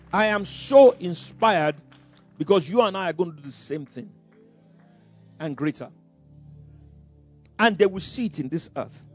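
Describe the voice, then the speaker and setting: A male preacher delivers a sermon in a fairly high, gravelly voice. His pitch swings widely as he builds to sudden loud bursts and chuckles between phrases. Faint music plays behind him.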